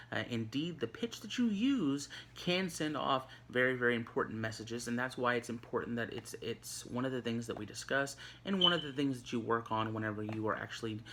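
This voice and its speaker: A man's voice: mid-range voice, bright, forceful tone. A man teaching a recorded online lesson, talking in a loose, conversational way with lots of fillers and restarts. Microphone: recorded for an online video.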